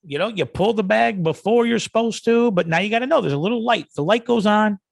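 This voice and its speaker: A man's voice: high-pitched, fairly quick, vocal fry, no room sound. A man hosting a podcast, rambling through a comic rant. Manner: ranting, rambling, acts out yelling. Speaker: podcast host. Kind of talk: comedic rant.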